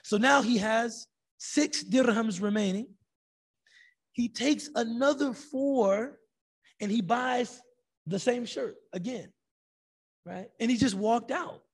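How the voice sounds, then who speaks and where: A man teaching a religious class, telling a story in a lively way and acting out the people in it. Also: extremely high pitch, takes it slowly, pauses often, slightly rough. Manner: animated storytelling, acting out quoted voices.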